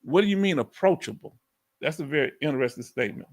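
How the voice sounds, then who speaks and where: A middle-aged man with a strong Southern accent from Texas, loudly and folksily chatting live with his viewers as host. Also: on the high side, expressive, fast. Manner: loud and folksy, reads out viewer comments. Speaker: livestream host. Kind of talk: casual live chat with viewers.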